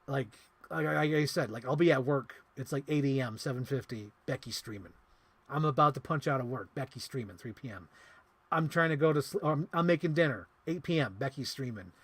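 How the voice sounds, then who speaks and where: A man chatting casually on a live stream while unboxing toys, rambling and excitable with lots of "like.". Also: mid-range voice, brisk, breathy edge. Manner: rambling, excitable, heavy use of "like". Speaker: toy collector streamer.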